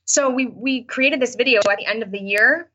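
A woman's voice: fairly high pitch, normal speed, pushed and bright, breathy edge, highs cut off. A woman teacher talking casually in an interview, with many fillers and restarts. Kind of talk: interview answers, storytelling.

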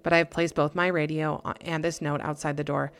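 A man's voice: a little high, flat delivery, a little fast, a bit bright, clear, resonant tone. A woman reading the farewell letter of a grieving lonely school janitor in a formal, solemn voice. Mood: despairing.

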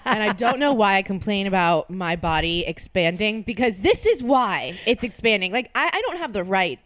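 A hungover woman hosts a podcast from her apartment, chatting casually and mocking herself with frequent laughs. Her voice sits at an ordinary middle pitch. The sound is dry and close, with no room around it. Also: expressive, normal speed, fairly bright tone, no echo. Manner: self-deprecating, joking, laughs often. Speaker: podcast host. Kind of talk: casual chat.

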